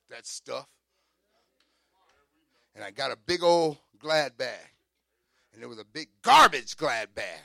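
In a studio-quality recording without echo, a middle-aged man with a creaky, medium-pitched voice preaches, passionately relating his testimony. He talks straight to the congregation, slipping in conversational asides as he builds to shouting.

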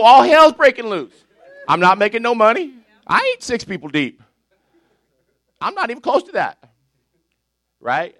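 An older man preaches with animated, exclaiming energy, his voice high and bright. The pitch leaps all over as he calls out praise. The sound is dry and close. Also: no echo. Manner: animated, laughing, shouting praise. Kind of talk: sermon.

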